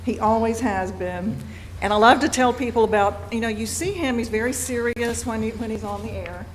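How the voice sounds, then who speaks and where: A woman with a slightly high voice, once a news anchor, now a council member, speaks in a chatty, affectionate way, often breaking into laughter. The public meeting chamber around her adds clear background noise. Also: normal speed, rough recording. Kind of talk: formal meeting remarks.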